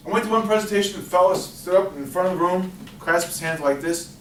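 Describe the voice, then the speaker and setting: A man presenting a career workshop, talking lively with the audience and asking them questions. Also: on the high side, quick pace, hardly any pauses. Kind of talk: interactive workshop talk. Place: library meeting room. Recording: echoey room, distant mic, faint noise.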